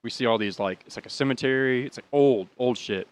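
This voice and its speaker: A man's voice: medium pitch, fairly quick, smooth. Profane rambling male storyteller. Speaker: podcast host, drummer. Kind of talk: casual storytelling monologue.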